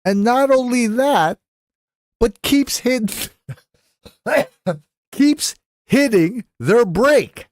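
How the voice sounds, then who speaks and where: A man's voice: very high voice, animated, very slow, long pauses, dry recording, clean studio sound. A young adult man telling stories casually on a live stream, swearing freely and slipping into voices when he quotes people.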